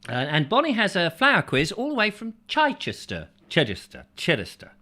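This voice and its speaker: A man's voice: high voice, wildly swooping pitch, moderate pace, sharp tone. A man hosting a chatty live show, reading out viewer comments with playful, rambling asides. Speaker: host.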